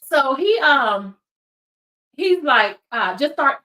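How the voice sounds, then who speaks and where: A woman hosting her own show, telling a story straight to camera in a lively way and talking to her viewers directly. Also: high voice, slow. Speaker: searcher for biological families, show host. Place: lives in Georgia.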